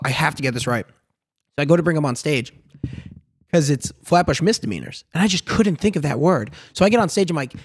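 Young male comic, casual podcast talk, animated and profane, dry close sound. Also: medium pitch, dry recording. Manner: swears a lot, animated storytelling. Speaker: stand-up comic.

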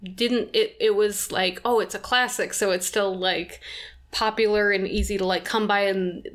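A woman's voice: medium pitch, steady tone, normal speed, a bit bright. A young woman co-hosting a podcast, casually explaining word origins with lots of fillers. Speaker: podcast co-host. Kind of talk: casual chat.

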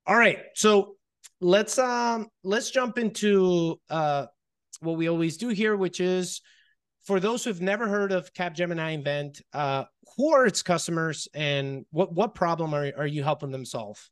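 A man's voice: sits high, measured pace, clean tone. A man hosting an interview show who introduces his guest, reads a background bio aloud, and uses many fillers.

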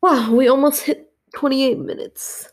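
A woman's voice: high voice, steady tone, a little slow. Chatty woman hosting a solo podcast. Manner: rambling, self-deprecating and chatty. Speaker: podcast host. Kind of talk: solo casual podcast chat.

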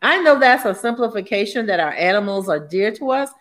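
An older woman co-hosting a podcast in casual chat, telling stories in a chatty, animated way. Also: mid-range voice, a little fast. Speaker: podcast co-host.

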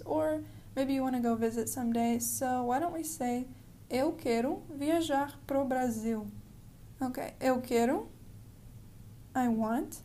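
A woman with a high, mellow voice leads a podcast pronunciation lesson. She explains in a friendly way and slows down to model each word. A faint noise sits under the recording. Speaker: language teacher.

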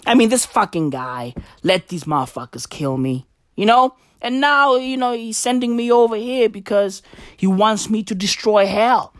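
A woman voicing a laid-back male Jesus in a low, muted, offhand drawl. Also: moderate pace, no echo, clean studio sound, natural voice.

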